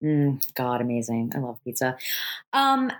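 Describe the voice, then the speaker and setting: Animated woman from New Jersey. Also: very deep voice, a little slow. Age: 30s. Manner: animated storyteller, laughs often. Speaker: podcast co-host. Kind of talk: casual podcast chat.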